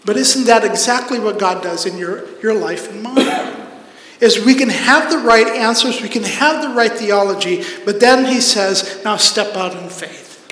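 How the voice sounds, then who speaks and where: A man delivers an earnest sermon as pastor, dramatizing the words of God and the prophet as he reads. His voice sits high with a fairly bright tone, at a normal speed, echoing around the hall.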